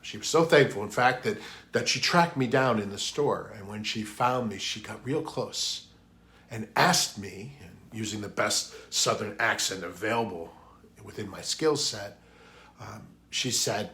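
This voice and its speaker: Speaking a little slowly in a lowish, sharp-toned voice, a pastor from New England delivers a sermon for an online worship service. He begins in prayer and moves into a story, earnest throughout and lifting his voice to stress key points.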